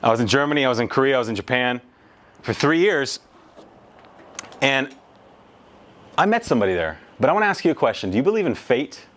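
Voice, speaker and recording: A man's voice: medium pitch, expressive, fairly quick, pauses often, fairly bright tone. A man in his thirties giving a storytelling keynote speech, emphatic and conversational. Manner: emphatic, conversational, swears casually. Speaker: motivational speaker.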